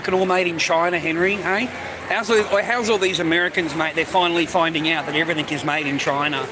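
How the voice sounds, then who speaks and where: A man's voice: a little high, fairly even intonation, quick pace. A man chatting casually on a live stream as he walks around a shopping area, calling everyone "mate". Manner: chatty, says "mate" often. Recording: street and traffic noise.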